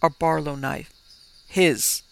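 Gravelly guy reading a spooky story slow, bright dry voice. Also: on the high side, steady tone. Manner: slow and dramatic. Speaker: narrator. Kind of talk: dramatic horror story reading.

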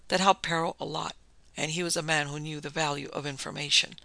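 Man, audiobook narrator, crime story, very bright, a bit high, dry sound. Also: vocal fry, dry recording.

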